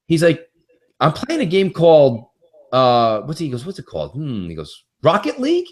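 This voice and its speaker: Animated profane gaming podcaster. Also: male voice, mid-range voice, normal speed. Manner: animated, profane, acts out quotes. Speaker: podcast co-host. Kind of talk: casual gaming chat.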